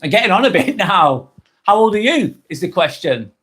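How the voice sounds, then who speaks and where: A man in his forties hosting a live stream, chatting casually and reading out viewer comments, friendly, rambling and quick to apologise. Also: high-pitched, very animated, a bit bright, breathy edge. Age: 40s. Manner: chatty and friendly, ranting a little, apologising often.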